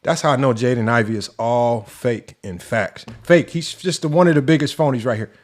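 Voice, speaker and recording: A man's voice: medium pitch, normal speed. A man hosting a sports debate show, ranting in an exasperated, mocking way and firing off rhetorical questions. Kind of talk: heated commentary rant.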